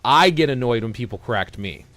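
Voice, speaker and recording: Rambling and self-interrupting, a young male gaming streamer tells stories to his viewers in a casual way that loops back on itself. His medium-pitched, fairly bright voice has lively intonation and a fairly quick pace, captured in a dry recording.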